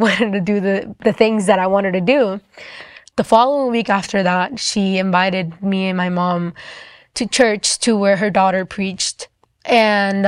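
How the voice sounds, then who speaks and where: A woman's voice: medium pitch, smooth, no echo, clean studio sound. A young woman telling a personal faith testimony in a casual, chatty way, full of "like" and acted-out quotes. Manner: casual, fast-paced, lots of "like", acts out quoted voices. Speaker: guest telling her testimony.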